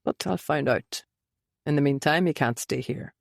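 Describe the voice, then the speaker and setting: A woman voicing a reserved young man who speaks quietly and carefully. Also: deep voice, creaky, dry recording, studio quality, pitched below the performer's own voice. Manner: quiet and measured.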